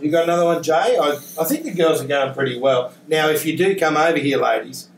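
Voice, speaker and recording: A man's voice: on the high side, quick pace. A man with an Australian accent hosting a casual interview, joking and rambling with many restarts. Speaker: podcast host. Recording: echoey room, distant mic, faint noise.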